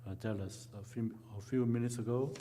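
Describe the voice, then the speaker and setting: A man's voice: mid-range voice, fairly even intonation, fairly quick, background noise. A man giving formal welcome remarks to open a session, hesitating with many fillers. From Korea. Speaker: official opening a session.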